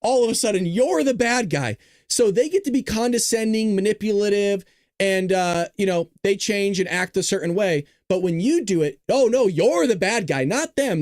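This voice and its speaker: Casting note: male political host, scornful rant, slightly high voice, dry close sound. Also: a little mellow, no room sound. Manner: blunt, scornful ranting. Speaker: show host. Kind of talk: political commentary.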